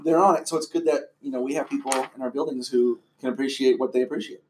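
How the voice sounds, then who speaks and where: A man's voice: mid-range voice, steady tone, quick pace, darkish tone. A man hosting a casual interview, chatty and playful, laughing easily. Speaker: host.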